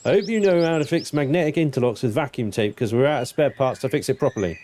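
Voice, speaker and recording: A man's voice: medium pitch, expressive, fast, mellow, close to an everyday voice. A man voicing a cheeky, practical male ship engineer in a game, with a put-on West Country English accent and a chirpy, bossy manner.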